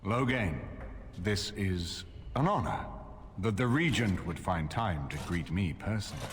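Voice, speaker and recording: An actor playing a grave, commanding older nobleman in a video game, with a measured, formal delivery. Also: low-pitched, expressive, slight background noise. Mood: wary.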